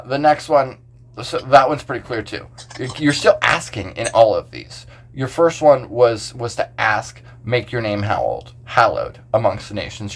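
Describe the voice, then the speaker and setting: A man, a pastor, talking casually on a podcast, explaining scripture verse by verse with a loose, filler-heavy manner. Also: on the low side.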